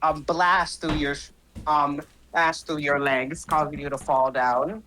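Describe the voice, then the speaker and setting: A man's voice: on the high side, fairly even intonation, unhurried, pushed and bright, a little hiss or hum, poor audio. A man narrating as game master of a tabletop game, casual and full of fillers and self-corrections.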